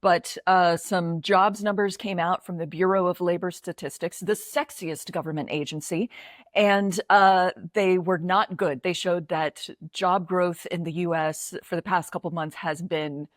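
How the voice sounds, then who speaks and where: A woman's voice: fairly low pitch, steady tone, a little slow, no echo, studio quality. An American woman co-hosting a podcast, talking bluntly about politics and swearing freely. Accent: American English. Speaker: podcast co-host. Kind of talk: casual political chat.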